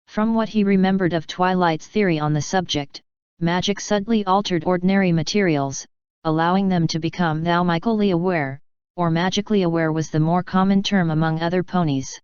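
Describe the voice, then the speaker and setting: A woman reading fanfiction aloud as an audiobook, in a steady, even storytelling manner. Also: on the low side, fairly quick, clear, resonant tone, no echo. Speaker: fanfiction reader. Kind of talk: audiobook narration. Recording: dull lo-fi dry recording.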